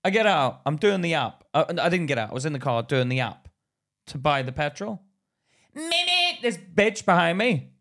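A man's voice: fairly high pitch, big pitch swings, normal speed, fairly bright tone. A young man from Northern Ireland with a Northern Irish accent, co-hosting a podcast and ranting bluntly with heavy swearing. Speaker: podcast co-host. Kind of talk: casual banter.

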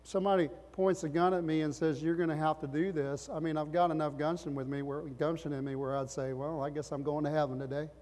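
A man preaching a sermon as pastor, impassioned, swinging from loud emphatic lines to quiet earnest ones. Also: fairly high pitch, steady tone, fast talker, hardly any pauses, in a large hall.

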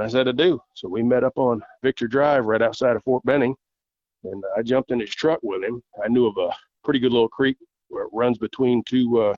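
A man's voice: mid-range voice, a little mellow, no echo. A man, a podcast guest telling a long story in a folksy way and acting out other people's voices in it. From southern United States. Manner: folksy, acts out quoted voices. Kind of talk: casual storytelling. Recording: dull lo-fi dry audio.

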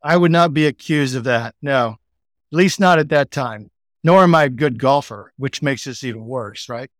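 A man's voice: mid-range voice, normal speed, no room sound, clean studio sound. A middle-aged man with a Texan accent, a podcast guest telling a story casually and chattily, full of "like" and "you know". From Texas. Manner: chatty, laid-back, frequent 'like' and 'you know' fillers. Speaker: guest, sales executive.

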